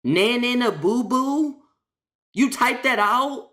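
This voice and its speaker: A woman's voice: on the high side, expressive, slow pace, a bit bright. Exasperated woman ranting to her chat. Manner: exasperated, repetitive, slangy. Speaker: streamer. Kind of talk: casual rant to stream chat.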